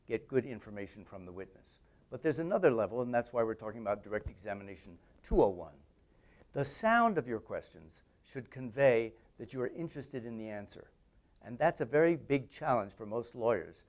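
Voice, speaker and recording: A middle-aged man teaching trial lawyers, explaining courtroom questioning in a deliberate, demonstrative way. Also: mid-range voice. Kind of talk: instructional talk with mock courtroom questioning.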